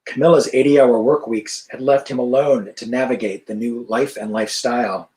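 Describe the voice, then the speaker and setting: Male author, measured literary reading over a video call. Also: mid-range voice, fairly even intonation, a little mellow, rough recording. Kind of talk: reading his novel aloud.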